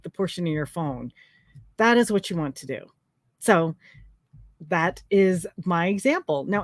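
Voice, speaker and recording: A woman's voice: on the low side, no echo. A woman hosting a casual live stream, chatty and effusive, talking with lots of fillers. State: tearful, emotional. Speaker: host.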